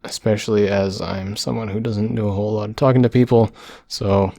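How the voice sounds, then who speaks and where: A man from Canada reading text aloud with halting, self-correcting delivery and apologetic spoken asides, his voice going hoarse, close to the microphone. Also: fairly low pitch, little pitch movement, warm tone, no room sound. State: voice going hoarse from long talking. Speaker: solo podcaster. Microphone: microphone close to the mouth.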